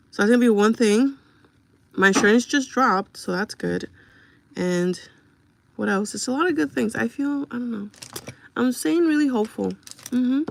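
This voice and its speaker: A woman's voice: medium pitch, gravelly. A young woman livestreaming from home on her phone, chatting casually and confidingly with viewers and bluntly brushing off trolls.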